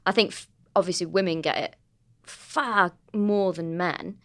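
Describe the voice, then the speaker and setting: A comedian woman with a Manchester accent, co-hosting a podcast and telling lively, sweary stories in casual chat. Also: lowish voice, unhurried. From North of England. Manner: sweary, animated storytelling.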